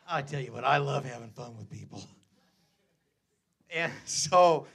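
A middle-aged man preaching a storytelling sermon, chuckling often, saying "uh" and "amen" a lot, and swinging from low asides to loud, fervent preaching. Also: lively intonation, slow pace, gravelly. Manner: chuckles often between phrases, peppers speech with "uh" and "amen". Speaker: pastor.

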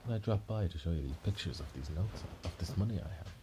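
A man doing a deep-voiced police inspector. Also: lively intonation, fast, noisy background. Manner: polite, businesslike, slightly confused. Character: earnest male police inspector, middle-aged.

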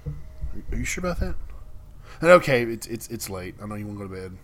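A man's voice: mid-range voice, very animated, fast talker, a bit bright. Rambling, laughing podcast co-host man. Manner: rambling, laughs often, trails off mid-sentence. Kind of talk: casual chat.

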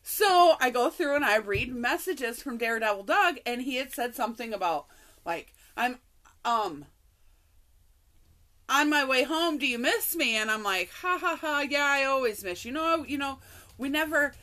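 A woman co-hosting a podcast, telling a story in a casual, animated way, swearing and laughing often. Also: high voice, normal speed. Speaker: podcast co-host.

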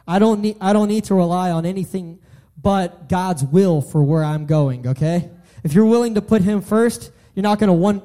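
A man's voice: high voice, mellow. A young man giving an earnest sermon, often restarting and repeating his phrases. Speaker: preacher.

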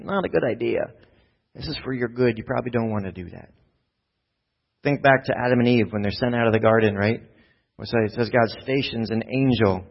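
A man's voice: medium pitch, creaky, dull audio. A man giving a sermon as a pastor, talking in a casual, conversational way and putting questions to the congregation.

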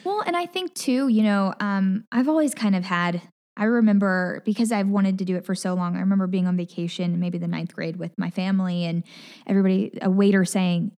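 A young woman with a faint Southern American accent chats as an interview guest. Her tone is warm and mellow, and she articulates each word with a reporter's precision. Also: medium pitch, a little fast. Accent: slight Southern American. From Collierville, Tennessee, US. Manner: articulate, enunciates clearly. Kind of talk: casual interview chat.

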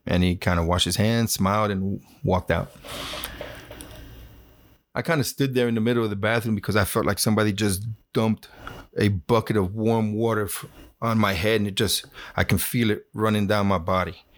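A man's voice: lowish voice, steady tone, normal speed, no echo, studio quality. A middle-aged man, a former Border Patrol agent, telling his own story in a plainspoken, wry, casual way with fillers and restarts.

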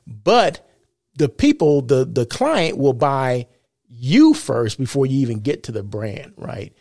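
Here a US man with a medium-pitched, darkish voice takes his time, his pitch moving in big swings. The sound is clean studio audio without room echo. As host of a live show and podcast, he chats casually on stream, often asking "right?" and chuckling at his own humor.

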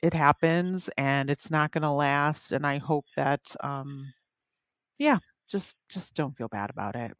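A woman's voice: deep voice, measured pace, no echo. A woman hosting a podcast in casual chat, speaking hesitantly and searching for her words. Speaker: podcast host.

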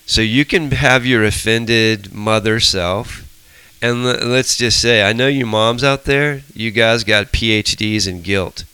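A man's voice: fairly low pitch, unhurried, bright, forceful tone, clear, resonant tone, no room sound, poor audio. A middle-aged man leading a Bible study, telling stories animatedly with frequent restarts. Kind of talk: casual teaching discussion.

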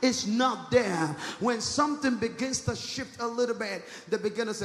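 A man's voice: extremely high pitch, moderate pace. A man preaching a fervent sermon as a pastor, calling out again and again to the congregation in a church hall. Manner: fervent preaching with repeated rhetorical call-outs to the congregation. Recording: echoey church hall with long reverb.

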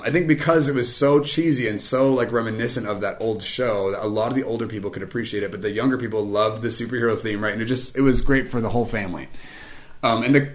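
A man hosting a podcast, telling stories in a casual, animated way, often acting out the voices of people he quotes, with plenty of fillers. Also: fairly low pitch. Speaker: podcast host. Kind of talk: casual storytelling monologue.

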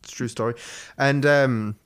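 Guy cohosting a podcast, rambly storyteller, swears a lot, mid pitch. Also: steady tone, normal speed, fairly bright tone. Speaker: podcast co-host. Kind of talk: casual chat.

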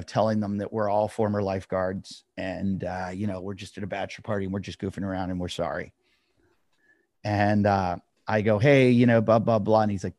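A man's voice: on the low side, no room sound, clean studio sound. A middle-aged man, a comedian, casually telling a long story on a podcast and acting out the quotes.

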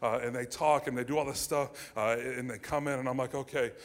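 A man in his thirties from the United States, telling a personal childhood story to an audience in an animated way with many fillers and restarts. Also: medium pitch, fairly quick. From United States (Ohio). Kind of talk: personal anecdote told to an audience.

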